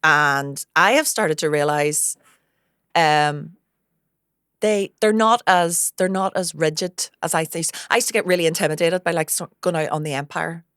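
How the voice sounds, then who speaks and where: A woman hosting a podcast, chatting casually with quick asides and frequent laughter. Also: low-pitched, a bit bright, clear, resonant tone, no echo, clean studio sound. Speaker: podcast host and stand-up comedian. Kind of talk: casual chat.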